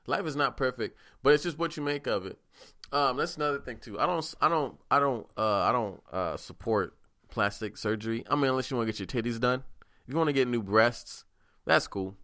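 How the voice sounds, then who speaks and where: A man's voice: mid-range voice, lively intonation, brisk, fairly bright tone, no echo, studio quality. A man hosting a podcast, telling stories in a rambling, profane, casual monologue. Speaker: podcast host.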